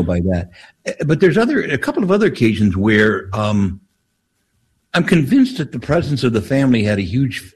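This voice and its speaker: An older man, a priest, telling stories on a call-in talk show in an unhurried way, with frequent restarts. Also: mid-range voice, a little mellow, breathy edge.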